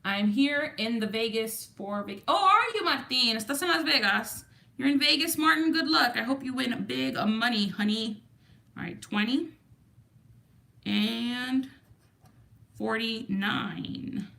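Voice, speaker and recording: A woman's voice: fairly high pitch, lively intonation, moderate pace, creaky, pushed and bright. A woman with a Texan accent hosting a livestream, chatting casually and greeting viewers from the chat. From Texas. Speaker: livestream host.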